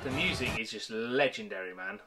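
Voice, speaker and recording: A man reacting to a film, excitable and swearing, with film music behind him. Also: fairly low pitch, brisk. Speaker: movie reactor. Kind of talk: casual reaction commentary. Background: film music playing.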